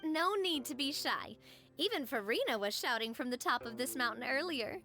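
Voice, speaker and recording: A woman's voice: high voice, animated, normal speed, bright, forceful tone, heavily acted. A woman playing a cheerful, outgoing young woman who talks in a breezy, encouraging way. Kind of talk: game dialogue voice acting. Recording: game cutscene with faint music.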